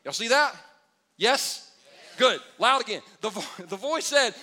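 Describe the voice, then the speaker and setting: A man preaching a lively sermon to a congregation, joking with the crowd and building up to shouts. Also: very high voice, unhurried. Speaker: pastor.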